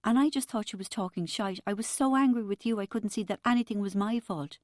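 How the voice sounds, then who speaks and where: A woman's voice: medium pitch, fairly quick, darkish tone, no echo, studio quality, pitched above the performer's own voice, natural voice. A woman reading an audiobook who voices an anxious, tearful young woman who speaks awkwardly and hesitantly. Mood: tearful, remorseful. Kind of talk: audiobook character voice.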